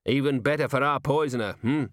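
Vimes, a brisk, probing watch commander voiced by a man. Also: mid-range voice, no echo, studio quality, voice pushed up, close to an everyday voice. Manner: brisk, probing, rhetorical questioning. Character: sharp, driven veteran male watch commander. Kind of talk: audiobook character voice.

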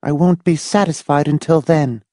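A man's voice: on the high side, no echo, studio quality, pitched above the performer's own voice, lightly acted. A man doing a prim, cold spinster lady. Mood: coolly brisk. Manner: brisk, calmly bossy. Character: prim, cold, matter-of-fact spinster woman. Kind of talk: audiobook character voice.

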